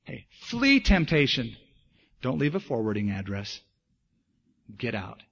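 A male pastor preaching with a lively, swooping delivery that rises and falls for emphasis. His voice is slightly husky. The recording is dull and lo-fi, like an older church tape. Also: mid-range voice, unhurried. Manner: animated preaching, acting out voices in stories. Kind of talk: sermon.

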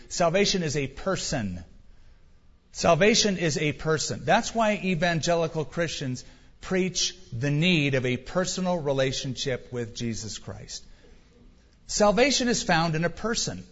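A man's voice: on the high side, a bit bright. A male pastor preaching a sermon emphatically, full of rhetorical questions, in a dull recording with long hall reverb.

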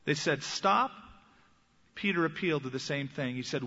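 A man preaching a teaching sermon in an earnest tone, slowing down for scripture quotes. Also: on the high side, pushed and bright, in a large hall, highs cut off. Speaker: pastor.

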